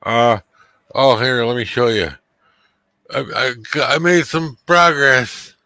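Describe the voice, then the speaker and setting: An easygoing man chats as a guest on a livestream, taking his time with every phrase. His voice is bright and tense, recorded dry and close. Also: mid-range voice, takes it slowly, dry recording. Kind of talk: casual chat.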